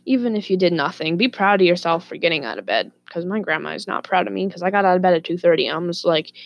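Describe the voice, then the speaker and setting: A woman vlogger casually telling a story to camera, profane and animated, with laughing asides. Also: fairly low pitch, fast, gravelly, hardly any pauses, lo-fi sound.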